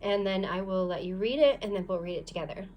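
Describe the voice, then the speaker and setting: A woman's voice: medium pitch, fast talker, highs cut off, slight background noise. A woman teaching a recorded phonics lesson, guiding learners patiently step by step and sounding out syllables. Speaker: language teacher.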